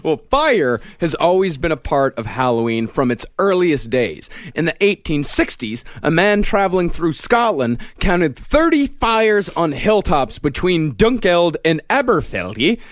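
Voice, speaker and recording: Animated male podcast narrator. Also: fairly high pitch, measured pace, hardly any pauses, no echo. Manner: reads facts, laughs often. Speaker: podcast host, lead researcher. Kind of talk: casual history narration with banter.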